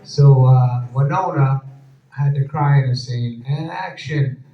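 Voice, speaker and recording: A man's voice: mid-range voice, takes it slowly. A man telling laughing, rambling anecdotes to a live audience in an event hall. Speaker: actor guest at a Q&A. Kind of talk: casual storytelling on stage. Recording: echoey dull hall sound from far off.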